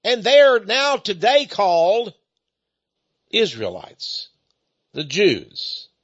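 A man's voice: sits high, huge pitch swings, takes it slowly, fairly bright tone, breathy edge, lo-fi sound. A man from Texas with an East Texan accent, giving a folksy, emphatic preaching monologue.

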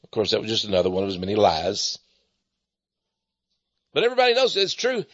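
An older man with an East Texas drawl, preaching in a folksy, rambling way. His voice is husky, and his pitch swings widely between phrases. The sound is dry and a bit dull, like a lo-fi recording. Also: huge pitch swings, brisk, a bit bright, no room sound. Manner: folksy, repeats words, chuckles. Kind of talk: folksy sermon-style talk.

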